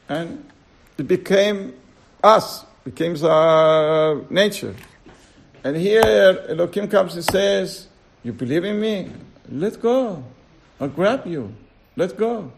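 A man teaching a Torah class, telling a parable in a halting, storytelling way and chuckling as he acts out the dialogue. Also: high voice, creaky, a little hiss or hum. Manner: halting, fillers, slow and deliberate. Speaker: rabbi.

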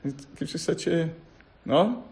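Slow, halting rabbi man. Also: on the high side, expressive, creaky, darkish tone. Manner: storytelling, plays voices in dialogue, chuckles; halting, fillers, slow and deliberate. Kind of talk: Torah class.

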